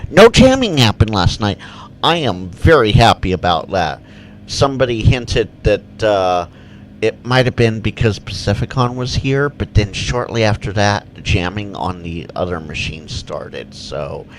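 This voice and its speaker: A man's voice: lowish voice, a little hiss or hum. A man hosting a casual live Q&A, rambling as he reads out viewer comments and answers them. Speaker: livestream Q&A host.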